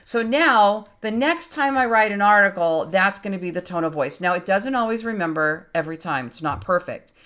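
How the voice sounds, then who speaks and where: A woman in her fifties giving a screen-recorded tutorial, talking casually and thinking aloud as she types, reading her prompts out slowly. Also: medium pitch, animated, fairly bright tone. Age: 50s. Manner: chatty, thinks aloud while typing, reads prompts out slowly. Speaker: creator teaching online tools.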